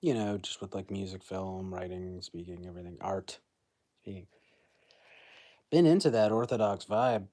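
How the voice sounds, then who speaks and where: A man's voice: sits low, moderate pace, long pauses, warm tone. Rambling young man chatting on a stream. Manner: rambling, filler-heavy, laughs at his own jokes. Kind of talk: casual livestream chat. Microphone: phone.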